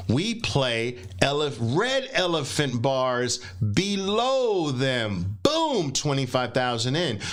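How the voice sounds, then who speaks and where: Slow, animated man teaching trading. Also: a little high. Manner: emphatic, teasing, punchy exclamations. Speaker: trading instructor. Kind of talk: live trading seminar.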